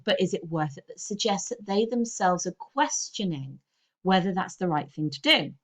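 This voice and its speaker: Woman, English teacher, recorded lesson delivery, explanatory, frequent check-ins with the class. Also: medium pitch. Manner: explanatory, checks in with students often.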